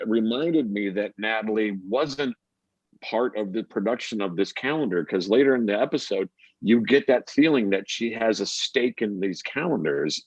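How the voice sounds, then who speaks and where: Deep-ish male guest, wry and blunt, dry close recording. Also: breathy edge, no room sound, dull audio. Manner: blunt, wry, swears casually. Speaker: podcast guest. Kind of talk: casual chat.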